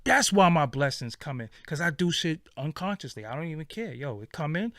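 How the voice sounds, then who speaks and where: A man's voice: a little high, sing-song, fairly quick, a bit bright, no echo, studio quality. Fired-up, profane man ranting. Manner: heated, profane and emphatic, repeating phrases for stress. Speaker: vlogger. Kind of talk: impassioned rant to viewers.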